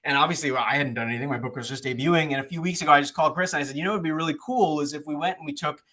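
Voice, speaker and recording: Male author, interview guest, lively anecdotal delivery, fairly high voice. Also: very fast. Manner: animated, conversational, many fillers and restarts. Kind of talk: casual storytelling.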